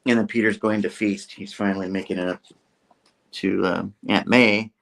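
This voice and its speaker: A man's voice: fairly low pitch, fairly even intonation, moderate pace, gravelly, fairly bright tone. A man hosting a comic book review show, recapping casually and rambling, with restarts and laughs.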